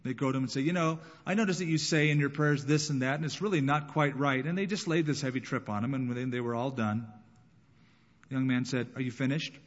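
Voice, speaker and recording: A man preaching a sermon to his congregation, dramatic and expressive, often acting out the voices of the people in the story. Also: mid-range voice, fast, in a large hall, highs cut off. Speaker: pastor.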